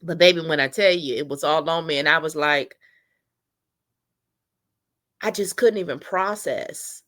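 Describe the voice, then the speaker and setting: This middle-aged woman, a church singer, candidly tells her viewers about a hard church rehearsal, crying at times. Her voice sits low and fairly bright, and she speaks a little slowly in an emotional, personal way.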